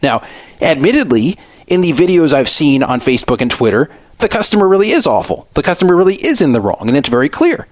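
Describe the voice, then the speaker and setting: Telling a bitter story on his radio show about a maddening store encounter, a middle-aged man re-enacts each argument with a fairly high voice and big pitch swings. He speaks fast, and the recording is dry.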